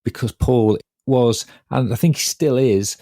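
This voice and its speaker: A man's voice: mid-range voice, measured pace, dark tone, no room sound, clean studio sound, faint music behind. A middle-aged man co-hosting a podcast, reminiscing in a chatty, wry way. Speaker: podcast co-host. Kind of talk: casual chat.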